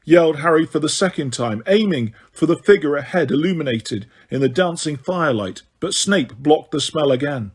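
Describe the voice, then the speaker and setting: A man narrating a fantasy novel as an audiobook, with steady storytelling and occasional stumbles. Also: fairly high pitch, moderate pace, few pauses, slightly rough.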